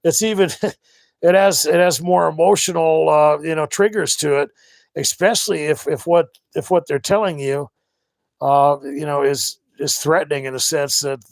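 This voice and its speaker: A middle-aged man talks on his live stream in a loose, rambling way, stopping and restarting his sentences often. His voice sits a little high for a man and has a gravelly fry, and the sound is dry and close. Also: steady tone, dry recording. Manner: rambling, halting with many restarts. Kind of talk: casual livestream monologue.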